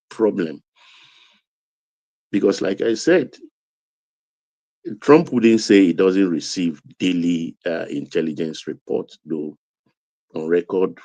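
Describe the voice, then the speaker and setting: A Nigerian-accented man talking politics in a low, dark voice. He drives his points home with emphatic repetition. The sound is dry and close. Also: no echo. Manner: emphatic, building to raised intensity. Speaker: political commentator. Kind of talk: political commentary.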